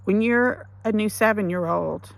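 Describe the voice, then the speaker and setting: A woman giving an emotional personal testimony for a ministry, speaking haltingly and restarting her sentences. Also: medium pitch, vocal fry, dry recording.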